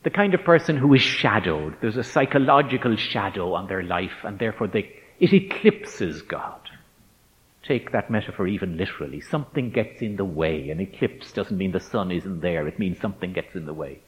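A man with a low voice delivers a reflective faith talk, measured and emphatic, drawing out important words. His intonation rises and falls widely as he moves between argument and story. The recording is dull and lo-fi, with a long hall reverb behind him. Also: lively intonation. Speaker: speaker addressing ministers.

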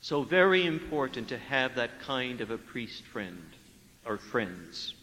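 A priest preaching a sermon, telling a story with lively acted-out dialogue and hushed asides. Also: male voice, medium pitch, takes it slowly, big-room sound, low-quality recording. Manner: animated storyteller acting out dialogue, dropping to hushed tones.

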